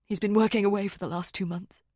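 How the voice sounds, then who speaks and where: A woman's voice: mid-range voice, steady tone, quick pace, mellow, no room sound, studio quality, voice pushed up, natural voice. A woman reading an audiobook voices a grieving young woman who speaks in a strained, emotional, pleading way. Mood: distressed. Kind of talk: audiobook character voice.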